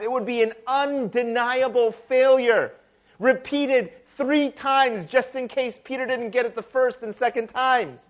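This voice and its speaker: A man preaching a sermon in a conversational way, often adding tag questions and repeating words as he restarts. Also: very high-pitched. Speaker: pastor.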